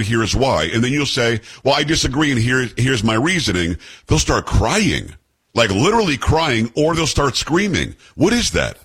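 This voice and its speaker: A man's voice: mid-range voice, fairly bright tone, husky. A middle-aged man hosting a radio talk show, questioning his guest in an emphatic way. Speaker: host.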